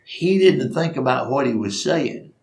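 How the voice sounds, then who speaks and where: With lively intonation and a slightly slow, slightly mellow delivery, a medium-pitched older man tells humorous stories from his own life, and the recording is reverberant. He's folksy, does the characters' voices himself, and chuckles at his own tales.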